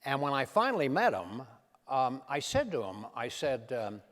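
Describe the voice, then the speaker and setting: An older man, a comedian and impressionist, telling anecdotes on stage with an animated, punchline-driven delivery. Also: mid-range voice, normal speed, long reverb tail. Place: event stage in a large hall.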